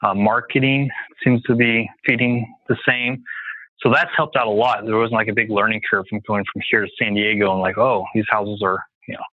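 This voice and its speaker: A man's voice: fairly low pitch, fairly even intonation, brisk, no room sound. A man as a guest in a casual interview, talking confidently and emphatically, often making his points as lists. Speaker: guest real estate investor. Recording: dry tinny phone-like line.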